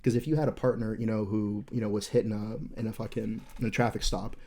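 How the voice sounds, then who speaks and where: A man's voice: lowish voice, flat delivery, quick pace, mellow. A young adult man hosting a podcast, telling a war story in a profane, intense, rambling way with frequent fillers. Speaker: podcast host, veteran.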